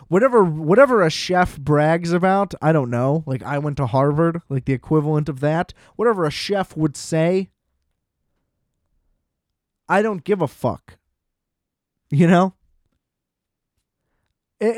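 A young man with a voice a bit high for a man rants in casual chat, sarcastic and heavily profane, slipping into mocking voices. He's expressive, at a measured pace with long pauses and a little mellow, and the recording is dry and close.

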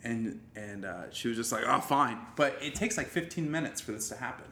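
A man's voice: mid-range voice, lively intonation, brisk, a bit bright. A man in casual conversation, animatedly retelling a story with plenty of swearing and restarts. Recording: roomy echo.

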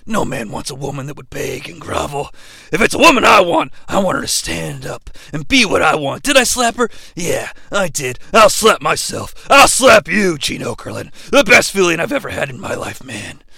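A man putting on the voice of a cruel, sneering male wrestler, talking low and hushed in a taunting way. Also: very animated, moderate pace, creaky, no echo, studio quality, full character voice. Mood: gloating.

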